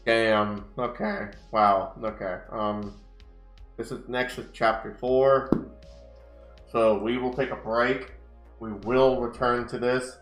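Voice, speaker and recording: Slow-talking guy reading a book out loud and cussing about it, echoey room, a little music behind. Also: mid-range voice, fairly even intonation. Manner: profane, heated rants between passages. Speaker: host reading a book aloud. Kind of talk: casual book reading with commentary. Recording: roomy home recording with faint music.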